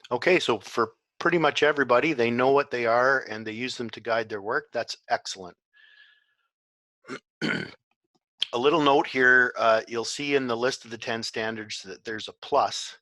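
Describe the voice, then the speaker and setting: A man presenting a webinar in a relaxed way, with many fillers. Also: mid-range voice, no echo. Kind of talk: online presentation.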